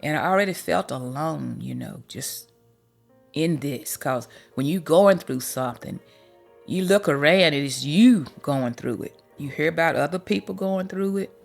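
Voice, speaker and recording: A woman's voice: deep voice, lively intonation, normal speed, gravelly, soft background music. A woman podcast host and life coach telling her own story candidly, with homespun sayings, emotional at times. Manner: heartfelt and candid, with folksy sayings. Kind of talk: personal testimony storytelling.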